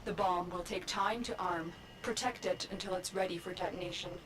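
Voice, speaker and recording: A woman voicing a calm game mission handler. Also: fairly low pitch, brisk, faint music behind, lightly acted, low-quality recording. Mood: calm briefing. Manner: calm, briefing orders. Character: calm female mission handler, commanding and measured. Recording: game audio with background noise.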